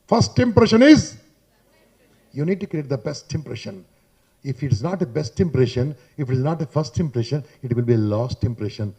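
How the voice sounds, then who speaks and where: A man's voice: mid-range voice, expressive, moderate pace, warm tone, breathy edge. A man with an Indian English accent giving an emphatic, repetitive motivational talk on public speaking to a live audience in a hotel hall, speaking into a handheld mic and tagging points with "boss". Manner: chatty, addresses listeners directly.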